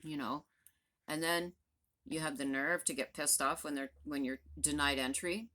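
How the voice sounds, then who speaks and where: Very deep-voiced ranting woman in her 50s. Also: fairly even intonation, moderate pace, bright, forceful tone. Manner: blunt, profane, exasperated. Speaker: vlogger. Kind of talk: angry direct-to-camera rant.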